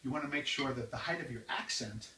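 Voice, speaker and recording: A man giving a drum lesson, explaining exercises and counting them off loudly. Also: mid-range voice, fast talker, a little hiss or hum. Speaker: drum teacher. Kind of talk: instructional demonstration. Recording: roomy, distant mic with loud drumming. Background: drums.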